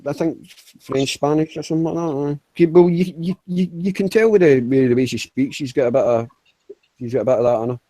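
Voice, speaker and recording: A man's voice: a little high, fast, dark tone, no echo, low-quality recording. A man chatting casually, rambling with stammered restarts and frequent swearing. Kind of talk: casual chat.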